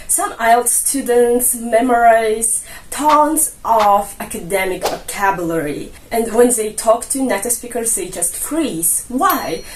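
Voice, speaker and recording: A woman's voice: medium pitch, slight background noise. A woman coaching viewers on an English exam in a chatty, jokey way, a native Russian speaker. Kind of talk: casual explainer narration. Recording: roomy, a bit distant from mic, light music.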